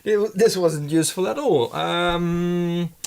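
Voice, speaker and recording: A man who makes his own paints chats casually in his studio, thinking out loud. His voice is high, slow, and gravelly, and he's hesitant and rambling, restarting often.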